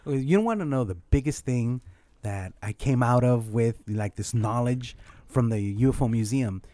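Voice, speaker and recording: A man's voice: mid-range voice, expressive, moderate pace, warm tone, dry recording. Earnest man in a casual podcast. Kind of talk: casual chat.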